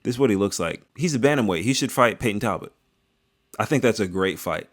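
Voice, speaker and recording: Slangy joking young man, lower voice. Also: animated, fairly quick. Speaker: video creator reviewing fights. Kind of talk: casual reaction commentary.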